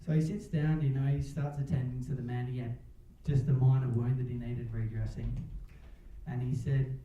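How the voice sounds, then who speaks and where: A man's voice: mid-range voice, little pitch movement, moderate pace. A man giving a wedding toast, joking and chuckling between lines and telling a story. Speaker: wedding speech giver. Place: wedding reception hall. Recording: distant, roomy, dull-sounding hall.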